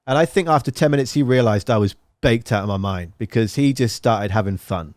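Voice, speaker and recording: A man's voice: mid-range voice, a little fast, hardly any pauses, no echo. A man hosting a podcast and spinning long, winding stories with plenty of animation. His voice sits in a middle range. It is recorded dry and close, with no room sound. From England. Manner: rambling, animated storyteller. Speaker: podcast host. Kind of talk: casual interview chat.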